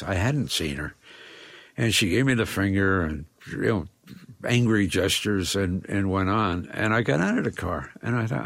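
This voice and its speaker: Low, gravelly man, thoughtful and halting. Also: a bit bright, dry recording. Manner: thoughtful, halting, many restarts. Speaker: guest, philosopher and educator. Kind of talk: reflective interview conversation.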